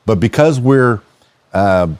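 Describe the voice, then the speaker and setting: A man's voice: mid-range voice, lively intonation, slow pace, darkish tone, smooth, no room sound. A middle-aged American man hosting a casual podcast interview, curious and rambling, often restarting his sentences. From United States. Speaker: podcast host.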